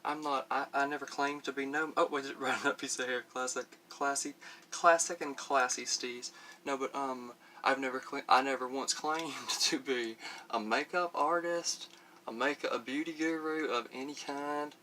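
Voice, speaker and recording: Chatty, bright-voiced male beauty vlogger. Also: medium pitch, fairly even intonation, normal speed, a little hiss or hum. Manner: chatty and rambling, many fillers, laughs often. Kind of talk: casual makeup review vlog.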